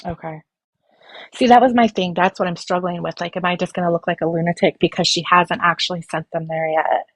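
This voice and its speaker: A woman's voice: lowish voice, fairly even intonation, fairly quick, no echo. A woman speaking as a guest on a live stream, worried and rambling with many fillers. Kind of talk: casual chat.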